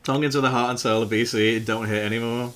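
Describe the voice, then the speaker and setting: A man's voice: mid-range voice, fairly even intonation, quick pace, a bit bright, slight background noise. A man streaming live, chatting casually with viewers while he plays a game, joking and swearing freely. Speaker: variety streamer.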